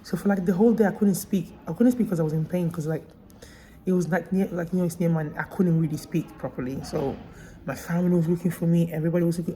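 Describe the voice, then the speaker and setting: A woman recovering from surgery tells her hospital story in a casual vlog, emphatic and indignant. Her voice sits low and mellow. A faint hum runs under it. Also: low-quality recording. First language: Italian. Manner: indignant, emphatic retelling with quoted dialogue. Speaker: vlogger. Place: hospital room.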